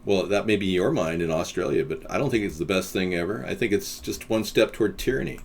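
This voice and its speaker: A man's voice: sits low, a little fast, vocal fry, slightly rough. A man hosting a live video-chat talk show, rambling, joking and teasing the chat room. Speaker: host.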